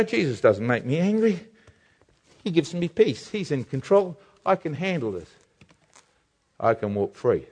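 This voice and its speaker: A man preaching a sermon emphatically, slowing down to stress key phrases. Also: a little high. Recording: reverberant hall.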